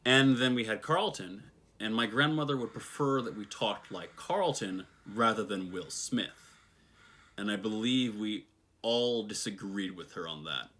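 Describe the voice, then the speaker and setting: A man with a low voice and a bright, forward tone recounts his own past. His delivery is reflective and unhurried, and now and then he slips in a dry, wry aside. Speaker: personal storyteller. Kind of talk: reflective personal storytelling monologue.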